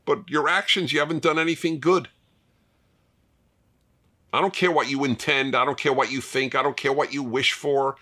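A man's voice: mid-range voice, fairly even intonation, moderate pace, pauses often, sharp tone. An older man hosting a fireside chat, talking emphatically and repeating points for stress. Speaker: host.

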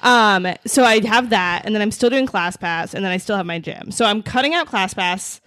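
Young woman, podcast co-host, teasing chatty banter, mid pitch, dry close mic. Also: moderate pace, fairly bright tone, no echo. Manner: teasing, mock-indignant banter. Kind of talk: casual chat.

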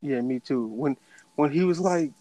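A man's voice: fairly high pitch, moderate pace, dark tone, no echo, low-quality recording. Casual man arguing a point. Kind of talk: casual chat.

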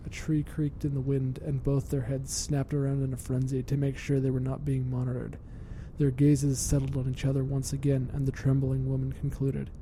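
A man narrating a horror story in a measured, steady reading. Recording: rumbling background noise.

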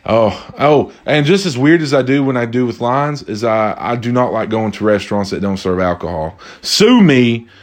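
A man telling a casual story to viewers, animated and exasperated, rambling and repeating himself. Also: mid-range voice, moderate pace, few pauses.

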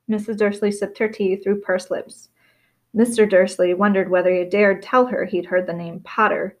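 A woman reading a novel aloud in steady storytelling, with small slips and restarts. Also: mid-range voice, moderate pace. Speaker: reader.

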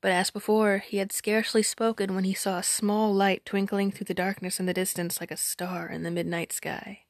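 Woman with a gravelly voice reading a folk tale. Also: medium pitch, flat delivery, no room sound, studio quality. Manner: measured, dramatic storytelling. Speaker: storyteller. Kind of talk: storybook narration.

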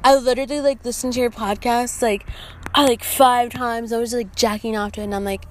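A young woman hosts a casual podcast in a slightly high voice. She tells stories in an animated, profane way, acting out both sides of each exchange. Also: a little fast. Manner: profane, animated storytelling with quoted back-and-forth. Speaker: podcast host.

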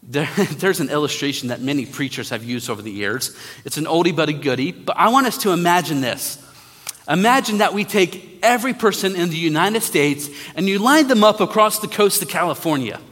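A man delivers an earnest sermon in a fairly high voice, dwelling on key phrases and repeating them slowly for weight. His words ring out with a long reverb, as in a large hall. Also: expressive, fairly bright tone. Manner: earnest preaching with slow emphatic repetitions. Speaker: online minister.

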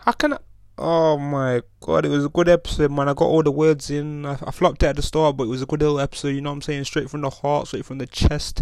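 A man's voice: a little high, level tone, fast, a little mellow, dry recording. A young man with talking in a casual solo podcast, rambling and swearing a lot. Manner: rambling, swears a lot, keeps asking "you know what I'm saying". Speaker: podcast host. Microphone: own podcast mic.

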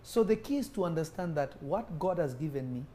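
A man's voice: on the high side, animated, fairly quick, warm tone, slight background noise. A man preaching a sermon as a prophet. He speaks emphatically, repeats himself and asks the congregation questions. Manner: emphatic and repetitive, with call-and-response questions.

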